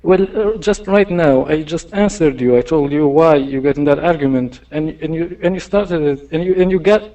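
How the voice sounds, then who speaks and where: A man's voice: on the high side, moderate pace, mellow, distant mic, highs cut off. A male caller in a casual debate, hesitant and stumbling as he repeats his point.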